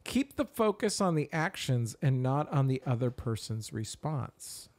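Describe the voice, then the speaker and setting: Creaky-voiced middle-aged man explaining points. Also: mid-range voice, sing-song, a little slow, darkish tone. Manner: walks through numbered points, explaining each. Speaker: podcast co-host. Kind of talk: casual conversational podcast.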